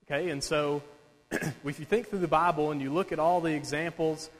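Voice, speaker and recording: Guy giving a sermon, kinda high voice, lots of okay? and all right?, big echoey hall. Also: fairly even intonation, normal speed. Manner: conversational, keeps asking "okay?". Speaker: preacher. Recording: long hall reverb.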